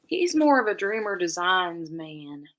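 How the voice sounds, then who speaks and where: A woman's voice: fairly low pitch, big pitch swings, measured pace, crowd noise. A woman hosting a casual live stream chat from home, talking chattily and laughing often.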